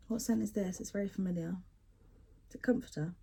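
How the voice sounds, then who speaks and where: A woman's voice: medium pitch, a little fast, creaky, long pauses, mellow, a little hiss or hum. A young woman chatting casually and expressively as she unboxes and sniffs bath products, often poking fun at herself. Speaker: beauty product unboxing vlogger.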